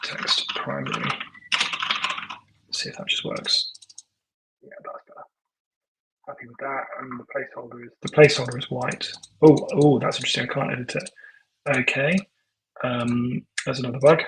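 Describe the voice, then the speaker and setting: Man, live coding, thinking aloud, halting with ums, gravelly voice, mid-range pitch. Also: lively intonation, noisy background. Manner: muttering, halting, full of ums and self-corrections; dictates prompts to the computer. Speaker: tech founder live coding.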